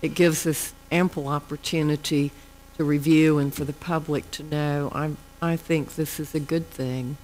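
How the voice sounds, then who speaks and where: A woman council member speaking in a measured way at a county council meeting. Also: low-pitched, steady tone, darkish tone, a little hiss or hum, poor audio.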